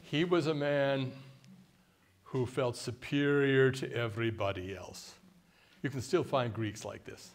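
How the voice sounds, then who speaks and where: An older man speaks at a conference workshop in a loose, conversational way. He keeps turning to his listeners with questions, and now and then he mimics a haughty, deliberate voice. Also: mid-range voice. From United States. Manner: conversational, quizzes audience with questions.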